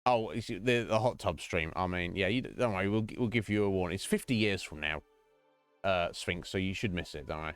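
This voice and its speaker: A man streaming a game, chatting casually in a rambling, halting way and often laughing. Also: sits low, fairly bright tone, smooth, no room sound, faint music behind.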